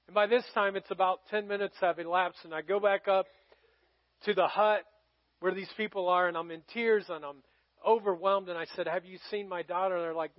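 High-voiced storytelling pastor. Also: male voice, no room sound, muffled recording. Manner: conversational, dramatic swings from loud to hushed. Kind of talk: storytelling sermon.

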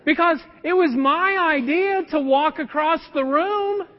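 A man's voice: extremely high pitch, unhurried. A middle-aged male pastor preaching a sermon, telling a personal story in a conversational way with plenty of fillers. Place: church sanctuary. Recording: dull lo-fi sound with long church reverb.

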